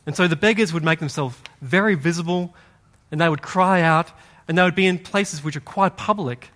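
A man preaching a sermon in a conversational, animated way, acting out quoted voices in a louder tone. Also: a little high, brisk. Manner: animated storytelling, acts out quoted voices loudly; conversational, uses "like" often. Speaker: pastor.

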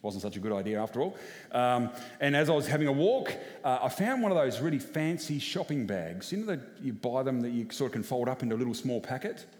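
Pastor preaching in an echoey hall. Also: male voice, medium pitch, fast. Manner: conversational storytelling, frank and lively. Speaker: senior pastor. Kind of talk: sermon with personal story.

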